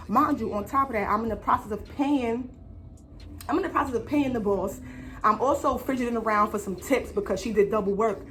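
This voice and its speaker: A woman telling a story on her vlog in an animated way, full of swearing and slang. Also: a little high, fairly quick, a little hiss or hum. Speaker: vlogger.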